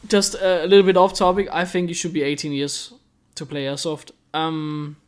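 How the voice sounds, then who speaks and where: A man's voice: on the high side, flat delivery, moderate pace, clean tone. A young man from Denmark, explaining a hobby in a rambling, chatty way with many fillers. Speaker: airsoft YouTuber. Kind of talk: casual explainer vlog.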